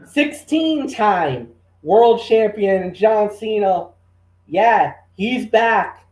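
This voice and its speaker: A man co-hosting a wrestling review show, talking casually with loud exclamations and many fillers. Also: sits high, slow pace. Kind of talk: excited casual podcast chat.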